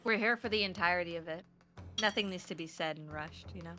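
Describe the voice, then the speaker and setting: A woman's voice: lowish voice, quick pace, sharp tone, a little hiss or hum. A woman co-hosting a stream, chatting and teasing playfully about games. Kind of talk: casual chat about games.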